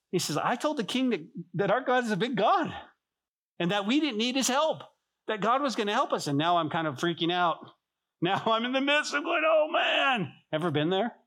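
A man pastor preaching a sermon, telling stories and acting out voices, often repeating himself. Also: on the high side. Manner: animated storytelling, acts out voices, repeats phrases. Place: church sanctuary.

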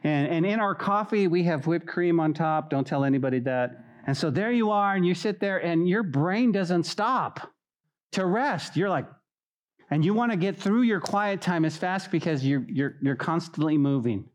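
A man preaching a sermon in church, animated and conversational, acting out what his listeners might say. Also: a little high, moderate pace. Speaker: pastor.

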